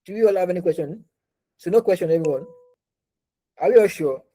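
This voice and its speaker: A man's voice: sits high, fairly quick, warm tone, poor audio. A man teaching an online class, explaining at length with many restarts and repeated words while quizzing his students over a video call. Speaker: instructor.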